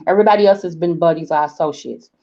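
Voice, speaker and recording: A Southern American woman in her forties hosts a vlog, telling stories in a casual chat with animated energy, acting out quoted voices and checking in with "okay?". Her voice is fairly low and quick, and the sound is dull and lo-fi.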